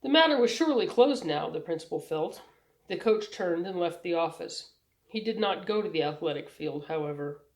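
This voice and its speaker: A woman reading a novel aloud as a bedtime story narrator, measured and clear. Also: fairly low pitch, rough recording. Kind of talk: audiobook narration.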